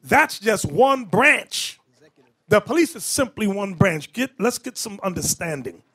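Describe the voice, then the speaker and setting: A man preaching as a bishop in an emphatic, animated lecture style with off-the-cuff asides. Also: high voice, unhurried, slightly rough. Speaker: bishop and teacher.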